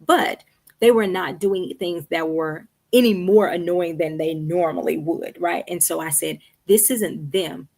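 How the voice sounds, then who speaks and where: Low-voiced woman counselor, conversational. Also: steady tone, unhurried, gravelly, darkish tone. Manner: conversational, checks in with "right?" and "okay". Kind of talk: live-streamed Q&A advice. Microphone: streaming setup.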